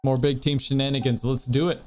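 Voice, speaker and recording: A man's voice: mid-range voice, level tone, a little fast, darkish tone, slight background noise. A man streaming a game and chatting casually, rambling and poking fun at himself. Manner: rambling, self-deprecating, jokey. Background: faint music.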